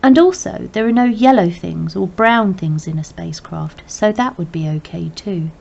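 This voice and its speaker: A woman reading a novel aloud in plain, measured first-person narration. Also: lowish voice, vocal fry, a little mellow. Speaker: reader. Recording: dull lo-fi recording.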